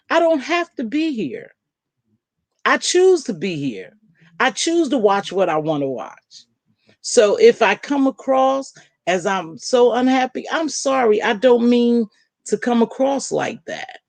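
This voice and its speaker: This woman hosting a casual livestream has a medium-pitched, creaky voice and an animated, measured delivery, recorded dry. She responds to viewer comments emphatically and directly, hammering home her points through repetition.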